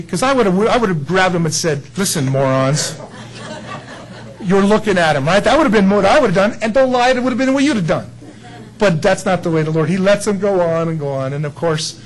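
A man preaching a sermon in a folksy, animated way, building up to emphatic peaks. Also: sits high, poor audio. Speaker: pastor.

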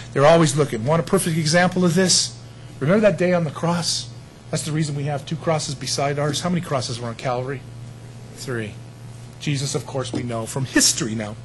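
A man preaching a sermon in an animated, conversational way, acting out short quotes. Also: a little high, a little hiss or hum, rough recording.

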